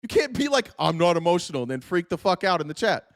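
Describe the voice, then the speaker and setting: High-voiced man hosting a reaction stream: sarcastic, profane, dry close sound. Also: very animated, fast talker, fairly bright tone, no echo. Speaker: host.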